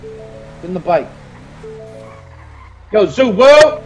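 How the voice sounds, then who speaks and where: A man putting on a brash high-voiced gang member. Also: sing-song, drawn-out words, over loud music, heavily acted. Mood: hyped taunting. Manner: boastful, taunting street slang. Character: brash loud male street gang member. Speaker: role-play character. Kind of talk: voiced role-play in a game.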